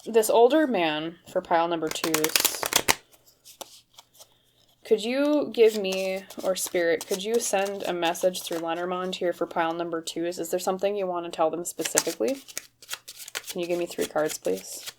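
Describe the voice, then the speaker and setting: A woman's voice: on the low side, moderate pace, background noise. A woman giving a pick-a-card tarot reading to camera, speaking hesitantly and carefully with many fillers and restarts. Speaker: tarot reader.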